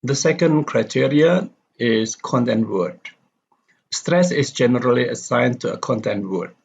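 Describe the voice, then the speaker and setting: A man's voice: mid-range voice, animated, unhurried, gravelly, slightly rough. A man teaching a pronunciation lecture from slides, steadily reading example sentences aloud and repeating them. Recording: dull lo-fi recording.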